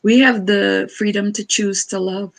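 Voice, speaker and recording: A woman's voice: mid-range voice, steady tone, a little slow, gravelly. Earnest, effusive woman guest. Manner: effusive, spiritual, earnest pleading. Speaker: guest storyteller. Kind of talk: casual interview chat.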